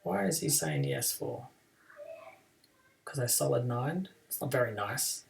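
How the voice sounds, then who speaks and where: A man's voice: medium pitch, huge pitch swings, a little slow, gravelly, distant mic. Man chatting while streaming a game. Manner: chatty, playful trash talk. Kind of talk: casual live-stream commentary.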